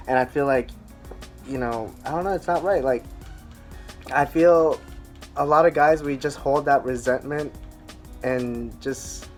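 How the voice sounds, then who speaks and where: A man's voice: medium pitch, measured pace, pauses often, soft background music. Chill young guy musing about relationships, says you know a lot. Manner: relaxed, reflective, many "you know" fillers. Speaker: guest. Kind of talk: casual chat.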